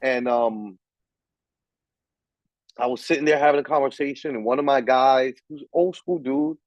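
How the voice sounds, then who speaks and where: A man's voice: mid-range voice, normal speed, no room sound, highs cut off. A man hosting a podcast, ranting in heated, profane, emphatic casual talk. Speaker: podcast host. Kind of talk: casual chat.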